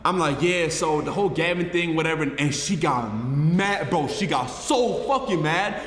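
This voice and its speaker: Young male streamer, casual storyteller, animated and profane, slightly high voice, echoey room with long reverb. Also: moderate pace, slight background noise. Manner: animated, profane, repeats himself, swings between hushed and shouting.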